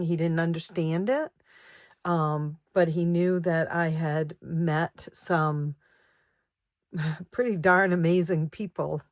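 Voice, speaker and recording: Woman, 60s, savings vlogger, slow pace, low voice, halting with ums, emotional and reflective. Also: a little mellow, no echo, clean studio sound. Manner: halting, with many ums and restarts. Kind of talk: personal vlog chat.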